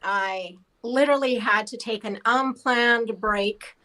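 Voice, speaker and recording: A hoarse woman talking in a casual panel chat, chatty and laughing often. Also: a little high, slow, sharp tone, rough recording. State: hoarse after laryngitis.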